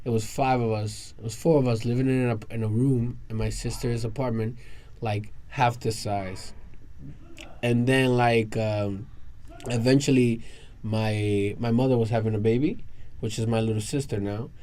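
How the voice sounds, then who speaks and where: Animated New man telling stories. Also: mid-range voice, normal speed. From New York, USA. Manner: animated storyteller, rambling with restarts. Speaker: podcast guest. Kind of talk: casual round-table storytelling. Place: round-table podcast recording with other guests.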